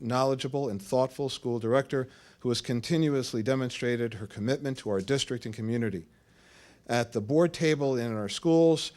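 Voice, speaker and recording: Man, formal board-meeting remarks, hesitant fillers, mid pitch.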